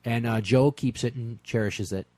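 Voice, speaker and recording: A man's voice: mid-range voice, fairly even intonation, normal speed, warm tone, no room sound. A man hosting a comedy podcast, telling crude, rambling anecdotes full of profanity and fillers.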